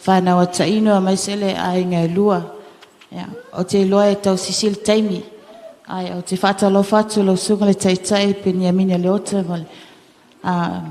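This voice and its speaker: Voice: medium pitch, a little mellow. A speaker giving a short, plain and grateful eulogy for their mother in a large church. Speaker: child of the deceased giving a eulogy. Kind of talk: funeral eulogy. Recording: church with long reverb.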